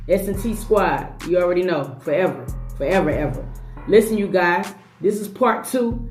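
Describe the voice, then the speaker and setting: A woman's voice: medium pitch, darkish tone. A young woman hosting a reaction video, talking in a slangy, emphatic, chatty way. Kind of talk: casual reaction commentary. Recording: echoey room with faint music.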